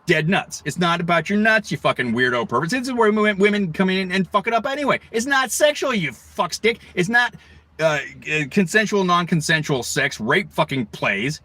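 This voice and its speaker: Speaking at normal speed in a high, sing-song voice with a sharp tone, a middle-aged livestream host from the United States goes on a profane, rambling rant full of heavy swearing and tangents. There's no room sound.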